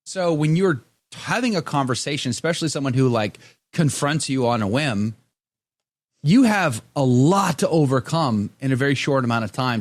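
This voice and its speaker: A man's voice: medium pitch, no echo. A male host in casual live-stream chat, reading viewer comments aloud and talking candidly. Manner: candid, conversational, with frequent restarts.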